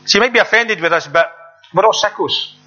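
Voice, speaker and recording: Brief: earnest male preacher, high and bright voice, plain repetitive delivery, dull lo-fi recording. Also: fairly quick. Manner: earnest, repetitive, conversational preaching with rhetorical questions. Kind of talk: sermon.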